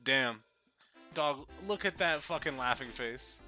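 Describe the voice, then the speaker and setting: A man's voice: mid-range voice, lively intonation, slow, sharp tone, soft background music. A man streaming a video game live, joking and swearing casually as he reacts.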